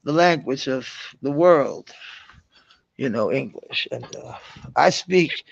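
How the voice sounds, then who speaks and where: Danish-accented man, gravelly casual chat. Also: mid-range voice, animated, dry recording, highs cut off. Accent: Danish, with American tinge. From Denmark. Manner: halting, searches for English words, many fillers and restarts; swears casually. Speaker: live-stream host chatting with viewers.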